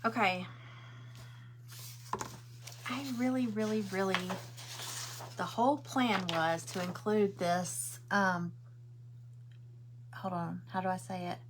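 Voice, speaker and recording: A woman's voice: medium pitch, fairly even intonation, slow, pauses often, noisy background. A middle-aged woman chats and rambles, answering viewer comments while she crafts at home. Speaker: craft livestream host. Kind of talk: casual chat while crafting.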